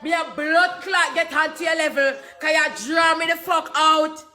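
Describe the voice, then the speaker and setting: A young Jamaican man in an angry, profane rant, shouting and cursing in rapid patois. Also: extremely high pitch, steady tone. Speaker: social media personality.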